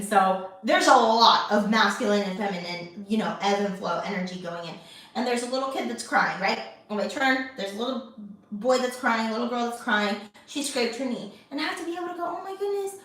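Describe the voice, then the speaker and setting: A woman's voice: a little high, fairly bright tone, distant mic. Chatty woman in an echoey room. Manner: chatty, many fillers and restarts. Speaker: lifestyle channel host. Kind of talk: casual talk to camera.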